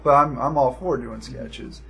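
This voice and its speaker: A young man co-hosting a podcast, talking in a relaxed and thoughtful way with frequent restarts. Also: mid-range voice, measured pace, gravelly, faint music behind. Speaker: podcast co-host. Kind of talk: casual chat.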